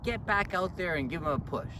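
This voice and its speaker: A man's voice: high-pitched, expressive, a little fast, voice pushed up. A man voicing a wife who scolds her husband, prim and reproachful. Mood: scolding. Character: scolding middle-aged wife in bed. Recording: distant mic with street traffic.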